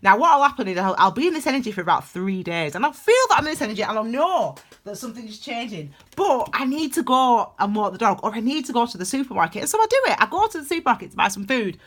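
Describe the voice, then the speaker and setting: A woman's voice: a little high, very animated, fast talker, hardly any pauses, a bit bright. A woman giving a casual tarot reading, rambling and emphatic with lots of restarts. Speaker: tarot reader.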